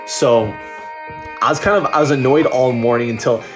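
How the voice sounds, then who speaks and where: A Canadian man with a Canadian accent talks loosely to his viewers, swearing freely and starting sentences over. His voice sits at an ordinary middle pitch, and faint music plays behind him. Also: normal speed. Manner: loose, profane, rambling with many restarts. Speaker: livestreamer reading chat. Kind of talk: casual live-stream chat.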